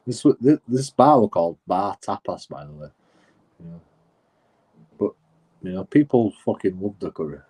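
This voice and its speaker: A man's voice: sits low, very animated, a little slow, pauses often, dark tone, breathy edge. A man telling a rambling, sweary story as a streamer, full of restarts and asides. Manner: rambling, sweary, lots of "you know" and restarts. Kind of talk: casual storytelling.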